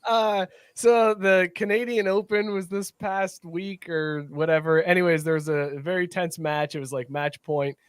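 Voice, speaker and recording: A man's voice: sits high, steady tone, moderate pace, hardly any pauses, clear, resonant tone, dry recording. A man with a somewhat raised voice chats on a sports podcast, spinning a story and breaking into laughter mid-sentence. His voice sounds dry and close to the mic. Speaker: podcast co-host. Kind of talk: casual chat.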